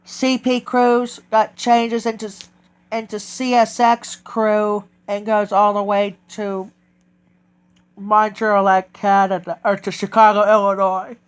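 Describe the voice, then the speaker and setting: A man talking casually in a vlog, halting and correcting himself often as he goes. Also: high-pitched, completely flat delivery, smooth. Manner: halting, with many restarts and self-corrections. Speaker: train video vlogger.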